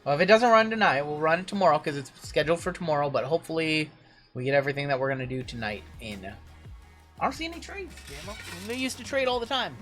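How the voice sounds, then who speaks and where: Chatty card break host, a bit high. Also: male voice, very animated, quick pace, fairly bright tone, faint music behind. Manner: chatty, answers viewer questions while opening packs. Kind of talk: casual livestream chat.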